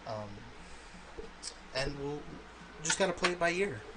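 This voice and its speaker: A man hosting a casual podcast, rambling in a relaxed way with many fillers. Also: a little high, unhurried, heavy background noise. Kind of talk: casual chat.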